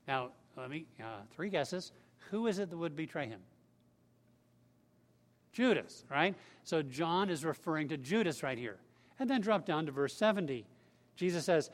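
A man's voice: a little high, expressive, normal speed. Emphatic man preaching in a reverberant hall. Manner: conversational, emphatic, with casual asides. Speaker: pastor. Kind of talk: sermon.

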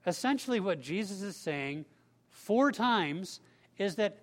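Guy giving a sermon, chatty but punchy, kinda higher voice, big hall reverb. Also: expressive, slow. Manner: conversational, emphatic, with casual asides. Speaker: pastor.

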